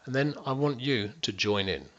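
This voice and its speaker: In this clip a man coaching wellbeing walks his audience through a stress-relief exercise, speaking to them personally and checking in regularly. He shows the technique by sinking to almost a whisper and stretching words slowly. The medium-pitched voice has lively intonation and a fairly bright tone, but the recording is muffled.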